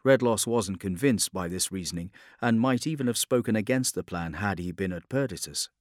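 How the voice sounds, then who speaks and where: A man narrating a science fiction audiobook in a measured, grave storytelling manner. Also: on the low side, dry recording, clean studio sound. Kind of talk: scripted dramatic narration.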